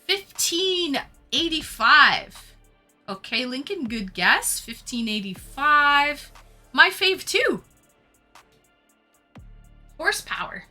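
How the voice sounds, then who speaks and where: A woman's voice: high voice, big pitch swings, slow pace, pauses often, pushed and bright, soft background music. A Canadian woman hosting a casual live stream, chatting with viewers, reading out their comments and thanking them.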